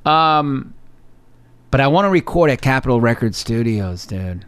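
A man, a singer, talking as a guest in a relaxed, reflective casual chat. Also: medium pitch, unhurried, clean tone, no room sound.

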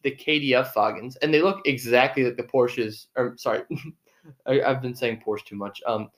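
A man's voice: mid-range voice, moderate pace. A man co-hosting a casual podcast, rambling and often correcting himself mid-sentence. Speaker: podcast co-host. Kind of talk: casual chat.

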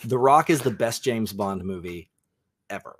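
A man's voice: lowish voice, lively intonation, moderate pace, no echo. A young man hosting a casual movie chat, enthusiastic and joking, rambling with fillers. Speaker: podcast host.

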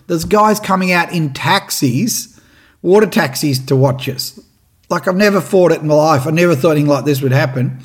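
An Australian man telling a lively fishing story and giving tips, acting out what others said. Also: a little high, normal speed. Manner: animated, acts out what others said. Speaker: fishing presenter.

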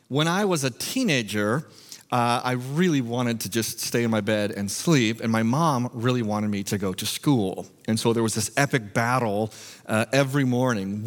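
A man preaching a sermon in a humorous, animated, self-mocking way. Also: medium pitch, big-room sound. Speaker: pastor.

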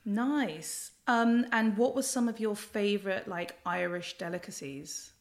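A woman hosting a relaxed interview, playful and chatty. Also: medium pitch, unhurried. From West London, England. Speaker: podcast host. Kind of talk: casual chat interview.

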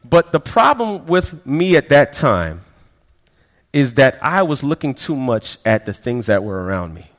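A man's voice: medium pitch, sing-song, measured pace. A man giving a sermon testimony, telling his story in a conversational way, often stammering over repeated words. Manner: conversational storytelling, frequent stammered repeats, quotes people in quieter voices. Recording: long hall reverb.

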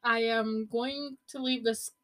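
A woman's voice: on the high side, steady tone, a bit bright, rough recording. A young woman co-hosting a podcast, chatting casually with emphatic reactions. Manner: slow, emphatic reactions and exclamations. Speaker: podcast co-host. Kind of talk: casual chat.

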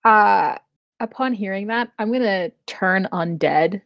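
A woman's voice: medium pitch, measured pace, gravelly, dry recording, highs cut off. Woman player rambling through her character's move. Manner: rambling, filler-heavy description of actions. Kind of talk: tabletop game play.

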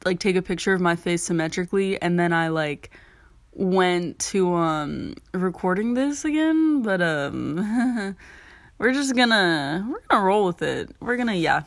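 A woman's voice: fairly low pitch, moderate pace, no room sound. Rambling teen girl podcaster, dry close mic. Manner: rambling, heavy use of "like" fillers. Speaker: podcast host. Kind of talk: casual solo podcast chat.

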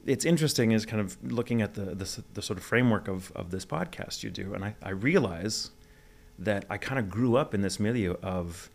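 Low gravelly man, mid-Atlantic accent. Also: expressive. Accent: neutral mid-Atlantic. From Texas, USA. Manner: articulate, measured storytelling. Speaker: guest, voice actor. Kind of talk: casual interview.

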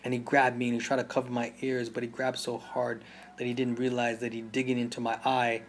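A man's voice: medium pitch, completely flat delivery, a little fast, slight background noise. Intense Jamaican man narrating a story. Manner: intense, mimics gunshot sounds. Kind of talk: audiobook narration.

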